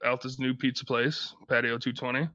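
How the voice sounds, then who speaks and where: A man's voice: mid-range voice, flat delivery, fairly quick, pushed and bright, dry recording. A man co-hosting a podcast, chatting casually in a dry, matter-of-fact way. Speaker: podcast co-host. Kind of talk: casual chat. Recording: slightly dull lo-fi mic.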